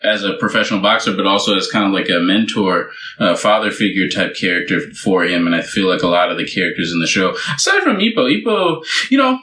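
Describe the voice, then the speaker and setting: A man's voice: low-pitched, fairly even intonation, quick pace, bright, forceful tone, echoey room. A man co-hosting a podcast in loose, rambling casual chat, full of fillers and restarts. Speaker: podcast co-host.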